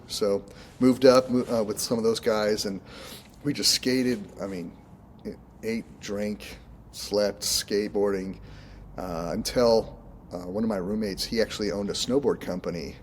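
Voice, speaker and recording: A man from Oregon, a minister and contractor, chatting casually as a guest in an interview, relaxed and rambling, often laughing. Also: on the low side, measured pace, a little hiss or hum. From Oregon, United States.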